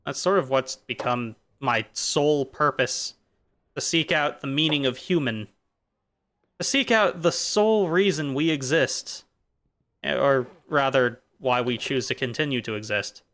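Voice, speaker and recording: A man's voice: mid-range voice, animated, measured pace, a bit bright. A male streamer chatting casually while playing a game, drifting playfully between jokes and musings. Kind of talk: casual rambling chat while gaming.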